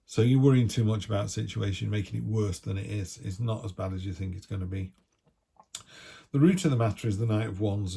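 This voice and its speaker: A man's voice: fairly low pitch, creaky, mellow, slightly rough. A man giving a casual, chatty tarot reading with jokey asides, from the United Kingdom. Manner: chatty, jokey, acts out little voices. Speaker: tarot reader.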